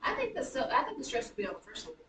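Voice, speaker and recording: A woman teaching a high school writing class, chatty and self-correcting as she taps out rhythms aloud. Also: very animated, racing. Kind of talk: classroom lecture. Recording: roomy classroom from a distance, faint noise.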